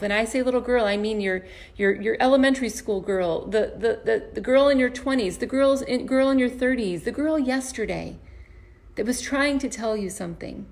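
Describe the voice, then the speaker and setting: A woman's voice: mid-range voice, vocal fry. A woman, an empowerment coach and comedian, giving a motivational talk to camera from her home basement, earnest and storytelling, often restarting and repeating words. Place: home basement performance space.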